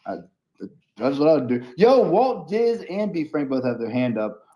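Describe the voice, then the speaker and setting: A man in a live audio chat, joking around in animated banter. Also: on the high side, normal speed, dull audio. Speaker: guest speaker.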